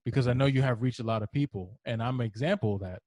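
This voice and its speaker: A man's voice: mid-range voice, fast, darkish tone, dry recording, clean studio sound. A man hosting a casual podcast interview over a video call, talking in a conversational, reflective way with frequent fillers. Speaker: podcast host.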